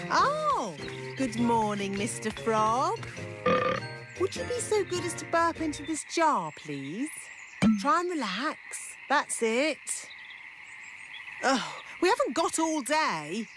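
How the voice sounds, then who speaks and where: A prim, bossy cartoon fairy nanny whose voice leaps all over its range. She talks slowly and fussily, sounding a touch high, with bright children's music behind. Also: big pitch swings, full character voice. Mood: fussy. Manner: prim, fussy, matter-of-fact. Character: fussy, bossy fairy nanny, grown woman. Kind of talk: cartoon voice acting.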